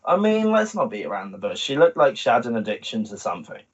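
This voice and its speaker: A man's voice: mid-range voice, wildly swooping pitch, fast, breathy edge. A young man co-hosting a podcast in casual chat, blunt and dry in his remarks. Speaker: podcast co-host. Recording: dull lo-fi sound.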